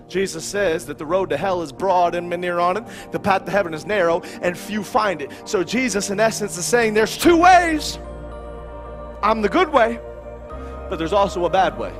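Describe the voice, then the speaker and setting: Male evangelist, high-pitched, fervent delivery that rises to shouts, soft music bed. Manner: impassioned, swings from hushed to shouting. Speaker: preacher. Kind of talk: evangelistic sermon.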